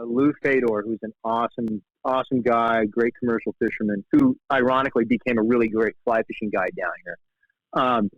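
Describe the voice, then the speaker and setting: A man in his fifties, a fly fishing guide telling casual stories as a guest. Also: no echo. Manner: animated, acts out quoted dialogue with big pitch jumps. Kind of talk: casual storytelling in conversation. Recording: dull, dry podcast audio.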